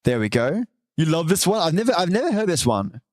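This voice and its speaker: A man hosting a live stream, chatting casually and warmly with viewers and reading aloud, with the odd swear. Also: fairly high pitch, big pitch swings, brisk, no echo. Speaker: livestream host.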